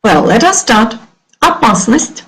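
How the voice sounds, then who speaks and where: A middle-aged woman with a Russian accent teaching an online English lesson. She speaks clearly and drills words slowly, waiting for pupils to repeat. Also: a little high, big pitch swings, fairly bright tone, poor audio.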